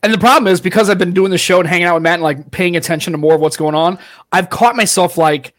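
A man's voice: high voice, fast talker, dry recording, studio quality. An American man co-hosting a podcast, telling stories in casual chat and swearing freely. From United States. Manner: swears freely, animated storytelling. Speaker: podcast co-host.

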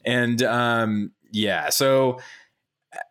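A man's voice: medium pitch, extremely slow, a bit bright, clean tone. A man hosting a casual chat, recapping a movie in a joking, profane, rambling way. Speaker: podcast host.

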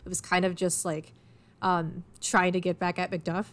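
A woman's voice: fairly low pitch, level tone, moderate pace. A woman co-hosting a casual literature podcast. She explains things eagerly and chattily, with plenty of ums and likes along the way. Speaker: podcast co-host. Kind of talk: casual chat about literature.

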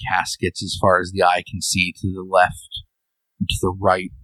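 A man narrating as game master, describing a scene in slow, drawn-out phrases. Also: deep voice, monotone, a bit bright, dry recording, low-quality recording.

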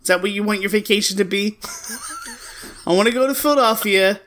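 A man's voice: high voice, brisk, fairly bright tone. A man co-hosting a podcast, trading profane, teasing jokes in casual banter. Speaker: podcast co-host.

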